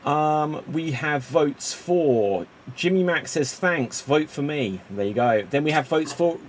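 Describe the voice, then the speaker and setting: A man hosting an online improv contest on a video call, brisk and chatty, filling pauses with "um". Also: on the high side, animated, slight background noise. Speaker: host.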